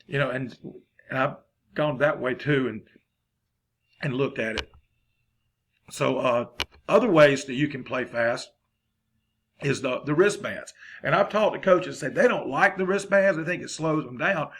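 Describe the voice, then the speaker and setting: A man's voice: medium pitch, measured pace, pauses often, fairly bright tone, slightly rough. A man, giving a folksy, rambling football coaching lesson.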